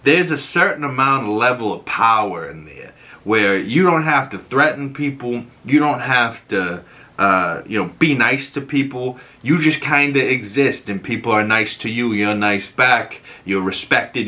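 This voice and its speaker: A male podcast host giving a rambling, profane, excitable recap of a TV episode. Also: medium pitch, a little slow. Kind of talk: casual episode recap and reaction.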